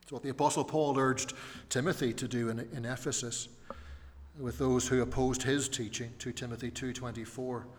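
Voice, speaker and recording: A man's voice: mid-range voice, little pitch movement, normal speed. A man preaching a sermon, earnest and emphatic, rising on his key phrases. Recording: long hall reverb.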